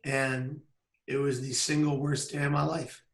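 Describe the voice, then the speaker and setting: A man in his thirties telling a personal story on camera in an earnest, measured way with pauses. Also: mid-range voice, level tone, vocal fry, echoey room. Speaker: public speaker. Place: outdoors by a bridge.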